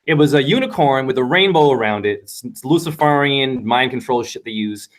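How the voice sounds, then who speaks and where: A man's voice: medium pitch, lively intonation, brisk. A man in a casual panel discussion, speaking fervently and emphatically, often repeating himself. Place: runs a dance studio.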